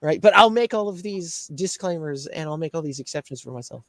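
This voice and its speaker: A man's voice: animated, a little fast, a bit bright, no room sound. A man telling a story in casual chat, ranting about a rival and mimicking him. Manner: ranting, mimics others in a higher voice. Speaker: shirt shop owner.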